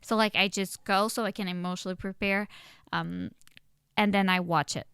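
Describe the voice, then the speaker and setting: Smooth-voiced chatty young woman guest. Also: medium pitch, steady tone, normal speed, a bit bright, no room sound, clean studio sound. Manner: rambling, filler-heavy, many "like"s. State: tired late at night. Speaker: podcast guest, cosplayer. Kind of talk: casual chat.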